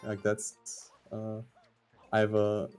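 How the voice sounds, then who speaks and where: Low, dark-voiced male commentator with halting speech. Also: monotone, faint music behind. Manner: halting, analytical, many fillers. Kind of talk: live esports commentary.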